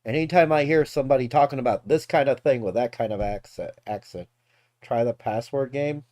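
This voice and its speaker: A man's voice: medium pitch, fairly quick, a little mellow, no echo. A man from Texas with a Texan accent, rambling casually and laughing as he reacts to videos. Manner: rambling, laughs often, swears freely. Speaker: streamer reacting to clips.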